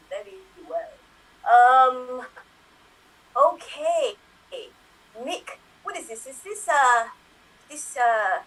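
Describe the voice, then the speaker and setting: A woman voicing a sheltered, bewildered elderly royal man in a put-on upper-class English accent, hesitant and halting in an improv comedy scene. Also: high-pitched, fairly bright tone, husky, exaggerated voice, poor audio. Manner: hesitant, full of ums and halting restarts. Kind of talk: improv comedy scene over video call.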